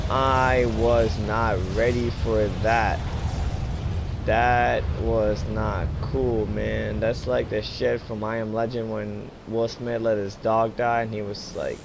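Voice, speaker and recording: A drunk man giving profane, excitable, slangy commentary while playing a video game, with game music behind him. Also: mid-range voice, slow pace, gravelly, background noise. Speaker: gamer playing live.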